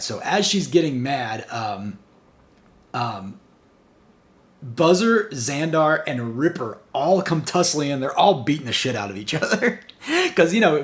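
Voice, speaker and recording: A man hosting a review channel, retelling a comic's plot in a casual, excited way with frequent chuckles. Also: mid-range voice.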